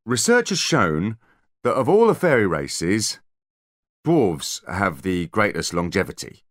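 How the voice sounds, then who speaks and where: A man voicing an eager, nervous male centaur technician who explains things hurriedly in a raised, lively voice. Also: lowish voice, slow, no room sound, clean studio sound, pitched above the performer's own voice. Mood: eager explaining.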